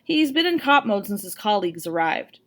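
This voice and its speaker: A woman's voice: mid-range voice, normal speed. Woman reading a novel aloud. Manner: expressive first-person reading. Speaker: audiobook reader. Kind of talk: read-aloud novel narration.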